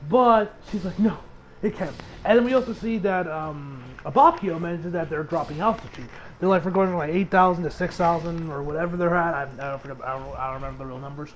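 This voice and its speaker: A young man giving a casual, excitable recap of an anime episode, swearing freely and rambling with restarts. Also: sits high, slight background noise. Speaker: anime reviewer.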